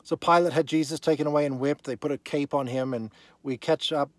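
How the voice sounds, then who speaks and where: A man giving an animated, conversational Bible lesson, firing rhetorical questions straight at the listener. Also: fairly high pitch, brisk, no room sound. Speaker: Bible teacher.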